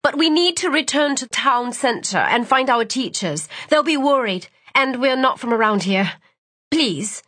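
An earnest young apprentice magician, polite yet pressing, as a woman narrator puts her on. Her voice sits a little higher than the telling around her and has a soft, breathy edge. It is recorded close and dry, with no room sound. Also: big pitch swings, moderate pace, few pauses, no room sound, exaggerated voice. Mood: urgent, pleading. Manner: polite and urgent.

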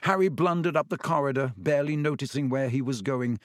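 A man's voice: mid-range voice, a little fast, dry recording. Man narrating in a dry, close voice. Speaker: audiobook narrator. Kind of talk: scripted narration.

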